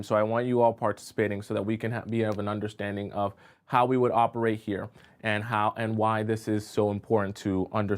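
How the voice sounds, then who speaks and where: Man coaching a live audience. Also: lowish voice. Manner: interactive, checks in with viewers often. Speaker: dating advice coach. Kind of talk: live-streamed advice talk.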